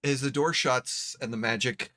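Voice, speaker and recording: A man's voice: medium pitch, moderate pace, sharp tone, dry recording, clean studio sound. A man narrating as game master of a tabletop game, searching for words as he goes.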